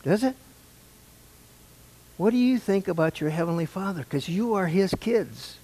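Speaking expressively at a moderate pace, an older pastor preaches in the church sanctuary, his high voice carrying a dark tone. He talks conversationally, putting questions to the congregation.

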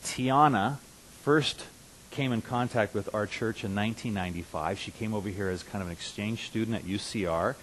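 A man's voice: fairly low pitch, normal speed, a bit bright, rough recording. A man preaching a conversational sermon as pastor, who repeats and restarts words and rises to emphatic bursts. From Russia. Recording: faint hiss.

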